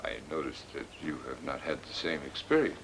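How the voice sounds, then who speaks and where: An actor playing a weary married prosecutor who is drunk, talking in a wry, sarcastic 1940s film style. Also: male voice, a bass voice, brisk, a little hiss or hum, rough recording. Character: weary married male prosecutor, sardonic flirt. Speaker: assistant district attorney.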